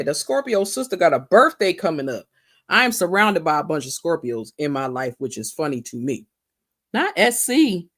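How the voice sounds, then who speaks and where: A woman's voice: fairly low pitch, fairly bright tone. A woman hosting a casual livestream chat, greeting viewers by name and stretching her words out. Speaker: livestream host.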